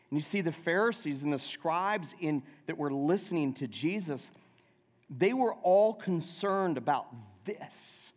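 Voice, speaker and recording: A male pastor preaching a sermon in a conversational way, asking the congregation questions. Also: high-pitched. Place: church sanctuary. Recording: long reverb of a church hall.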